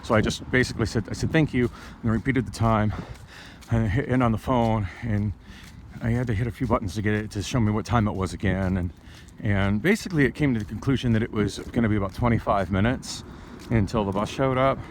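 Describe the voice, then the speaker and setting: A man's voice: fairly low pitch, a little hiss or hum. Rambling man vlogging on a street. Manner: rambling, halting, many restarts and fillers. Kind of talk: casual vlog monologue. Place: outdoors on a city street.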